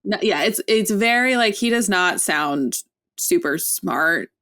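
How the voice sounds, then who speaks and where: A woman's voice: medium pitch, lively intonation, slow, fairly bright tone. A woman who is a podcast guest, retelling scenes from a book in a chatty, casual way.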